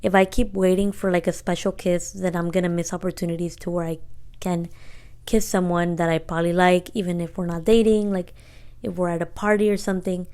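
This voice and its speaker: A woman's voice: lowish voice, little pitch movement, fairly quick, a little mellow, clean tone. Slangy young woman telling a story. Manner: slangy, playfully re-enacts dialogue. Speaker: podcast co-host. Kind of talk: casual storytelling.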